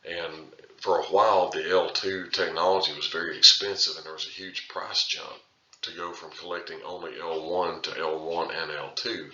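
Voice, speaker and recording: A man with a low, sharply edged voice delivers a recorded lecture, talking loosely and often circling back to restart his phrases. The sound is roomy and a little dull, like a lo-fi classroom capture. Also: sharp tone. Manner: conversational, with frequent restarts and filler phrases. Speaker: surveying instructor.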